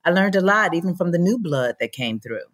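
Low-voiced animated actress. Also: female voice, brisk. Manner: animated, acts out quoted voices. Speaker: actress guest. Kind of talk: casual interview talk.

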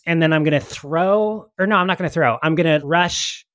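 A man playing a tabletop game, boisterous and laughing, breaking into shouty in-character outbursts. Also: fairly high pitch, a little fast, no room sound, studio quality. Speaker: player.

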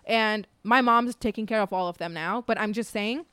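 Chatty young woman, smooth dry voice. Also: mid-range voice, moderate pace, sharp tone, no echo. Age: 20s. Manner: candid, chatty, peppered with likes. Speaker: podcast co-host. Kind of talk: casual chat.

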